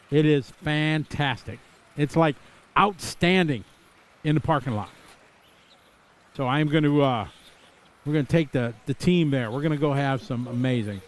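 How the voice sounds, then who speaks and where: A middle-aged man from Wisconsin calls a live race in a somewhat high-pitched voice. He drifts into chatty, nostalgic asides between the position updates, then snaps back to the running order. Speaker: race commentator.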